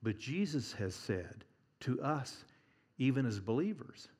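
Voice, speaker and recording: A man preaching a sermon, conversational and humorous, swinging from loud emphasis to hushed near-whispers and chuckling at his own points. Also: medium pitch, sing-song, unhurried, breathy edge.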